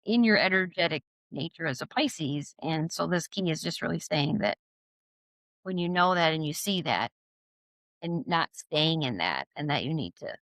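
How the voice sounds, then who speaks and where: A woman's voice: low voice, moderate pace, no echo. A woman hosting a podcast interview in a conversational way, often acting out quotes in a raised voice. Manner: animated, acts out quotes in a raised voice. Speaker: podcast host.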